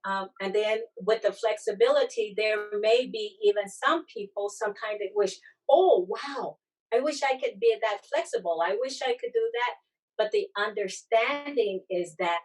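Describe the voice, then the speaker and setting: A woman with foreign accent syndrome, speaking haltingly on a church panel as a disability advocate. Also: medium pitch, recorded from a distance, low-quality recording. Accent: foreign accent syndrome, accent not from her Southern California origin. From Southern California. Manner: halting, restarts and searches for words. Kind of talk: panel discussion.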